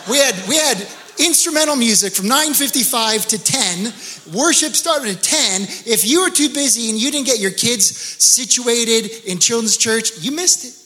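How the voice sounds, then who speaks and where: A middle-aged male pastor preaching a sermon with animated, joking storytelling. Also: very high voice. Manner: animated storytelling with laughs and exclamations.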